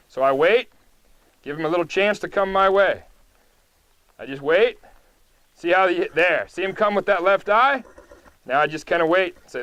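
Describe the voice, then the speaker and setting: A man with a fairly high voice walks through a horse-training demo outdoors. He talks calmly and patiently, explaining each small step in a plain, unhurried way. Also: no room sound. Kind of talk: live training demonstration.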